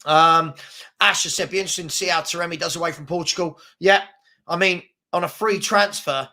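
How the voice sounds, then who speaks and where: A young man chats through a morning football livestream, reading viewer comments aloud. His voice sits slightly high and rings bright and forward. He rambles, stacks up repeated words, and jumps between topics. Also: a little fast. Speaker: host of a daily football livestream.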